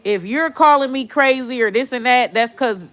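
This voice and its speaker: A woman's voice: on the high side, normal speed, fairly bright tone. A woman telling a story in a casual vlog, rambling and dropping tag questions and swear words all the way through. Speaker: vlogger.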